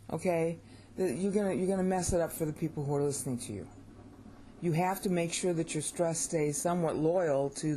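A teacher with an American accent explains ancient Greek in a relaxed, unscripted lesson. The voice has a soft, mellow tone. They often stop to ask "all right?" and repeat Greek phrases aloud to demonstrate how they should sound. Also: mid-range voice, a little hiss or hum. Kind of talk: informal spoken lesson.

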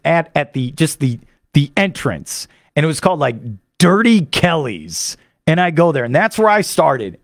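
An excitable male sports radio host recounts a trip in a solo monologue and mimics the voices of people he met. His voice sits a little high and swings widely in pitch, with a gravelly edge. The sound is close and dry. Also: no room sound.

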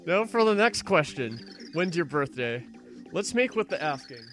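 A man's voice: fairly high pitch, very animated, normal speed, fairly bright tone, soft background music, voice pushed down. A man reading the lines of a brash game-show host from a video game, in showy announcer patter.

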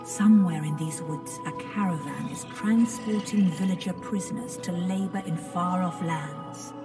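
A woman gives voice to a solemn narrator of a fantasy game quest, speaking in a deep, grave tone. The voice sits at a distance from the mic. Game music plays steadily behind it. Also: lightly acted. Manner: grave, ominous storytelling.

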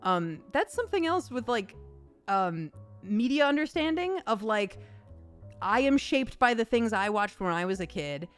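Animated woman voice actor chatting. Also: fairly high pitch, normal speed, soft background music. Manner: animated, talks with her hands in quotes, swears casually. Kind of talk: casual chat.

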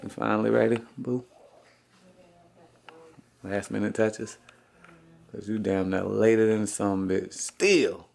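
A man's voice: fairly low pitch, fairly even intonation, takes it slowly, creaky, pauses often, a little mellow. A man, a father hosting a casual family vlog at home, ribbing his kids with profane jokes and frequent laughs. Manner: teasing, profane, joking banter.

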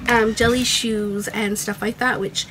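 A young woman chatting excitedly in a casual vlog at home, rambling with restarts. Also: a little high, measured pace, noisy background. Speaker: beauty and fashion vlogger.

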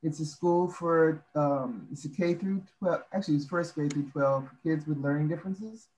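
A woman's voice: low voice, moderate pace, a little mellow, rough recording. A woman in her sixties from Maryland, a teacher, chatting casually and self-deprecatingly on a video call. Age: 60s. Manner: self-deprecating, laughing easily. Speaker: teacher and guest.

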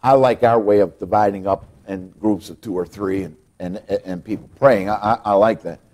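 A man preaching a sermon in a church, folksy and repetitive, often restarting his words and rising high and loud when he makes a point. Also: fairly even intonation, moderate pace. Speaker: pastor. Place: church auditorium.

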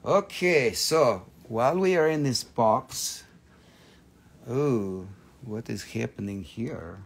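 A man hosts a live rock and mineral sale on a livestream, chatty and joking, teasing viewers and swearing casually. His mid-range voice is expressive, gravelly, and slightly rough, and he takes his time.

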